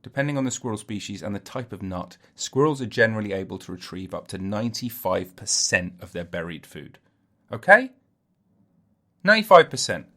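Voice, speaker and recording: A man's voice: on the low side, sing-song, a little fast, pushed and bright. Rambling, jokey man hosting a podcast. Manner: jokey, self-interrupting, laughs at own jokes. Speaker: podcast host. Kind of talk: rambling solo comedy podcast.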